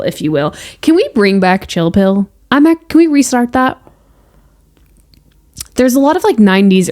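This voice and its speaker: A woman hosts her own podcast in a loose, chatty monologue, and her voice sits at an ordinary middle pitch. She keeps things playful and reassuring, like someone used to calming patients. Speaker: podcast host; healthcare worker with patients. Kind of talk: casual solo podcast monologue.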